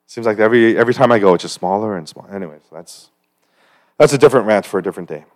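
A man's voice: fairly low pitch, very fast. A man preaching a conversational sermon at a church service, with personal stories and asides, building to emphatic rhetorical questions. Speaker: pastor.

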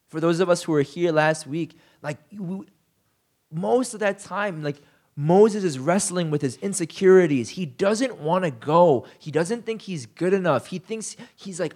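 A man preaching in a relaxed, conversational way, his somewhat high voice swinging up and down with lots of life. He tells the story with plenty of "you know" and "like" fillers and slips into acted-out quotes. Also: normal speed. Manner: casual, animated storytelling with frequent fillers; acts out quoted lines in shifting voices. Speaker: pastor. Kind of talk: conversational sermon.

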